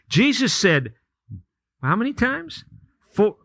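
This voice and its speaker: A man delivers a sermon, winding through homespun hypothetical stories and repeating himself for emphasis. His voice is very bright and sits slightly high for a man. The sound is dry and close, with no room around it. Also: expressive, normal speed, dry recording. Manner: storytelling with hypotheticals, folksy and repetitive. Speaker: pastor.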